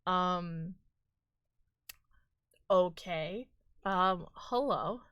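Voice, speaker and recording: Bright, playful woman streamer. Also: lowish voice, very slow, smooth, dry recording, studio quality. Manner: playful, teasing, mock-dramatic. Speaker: livestream host. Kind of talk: casual chat with viewers.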